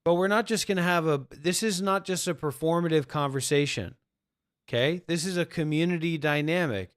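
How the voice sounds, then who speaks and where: A man with a fairly high-pitched voice talks bluntly and profanely to viewers on a livestream. He speaks as a spiritual teacher, recorded dry with no room echo. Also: brisk, clean tone.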